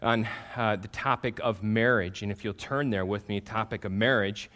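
This pastor, a man in his fifties, speaks at normal speed in a fairly low voice. His sermon is carried by animated personal stories that make fun of himself, with loud punchlines.

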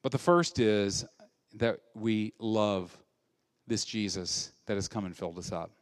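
A pastor giving a sermon to his congregation in earnest preaching style, swinging between loud emphasis and soft asides. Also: lowish voice, unhurried, dry recording, clean studio sound, in a large hall.

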